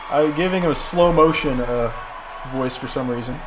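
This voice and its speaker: A man's voice: mid-range voice, moderate pace, over music. A man commentating a wrestling video game on a live stream, rambling and joking through the play-by-play. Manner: rambling, jokey, excitable play-by-play.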